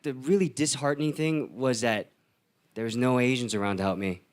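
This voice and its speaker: A man's voice: medium pitch, brisk. Earnest man speaking on a panel. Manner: earnest, emphatic storytelling. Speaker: filmmaker on a panel. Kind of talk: panel talk.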